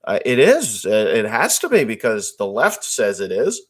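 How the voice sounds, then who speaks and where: A man's voice: on the low side, huge pitch swings, normal speed, breathy edge. A man hosting a casual livestream from home, reading viewer comments aloud and joking crudely. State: just woke up, a little slow. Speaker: livestream host.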